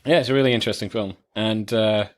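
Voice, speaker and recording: A man from England with a low voice co-hosts a film podcast. He is relaxed and sweary, and often stops and restarts mid-thought. The recording is dry and close-miked. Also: no room sound. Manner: laid-back and sweary, halting restarts. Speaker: podcast co-host. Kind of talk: casual film podcast chat.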